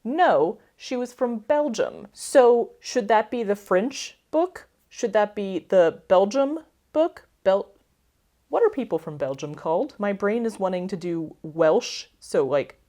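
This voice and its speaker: A woman's voice: medium pitch, big pitch swings, slow, mellow. A young woman in casual chat to camera about books, rambling and asking viewers for their opinions. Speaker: book vlogger.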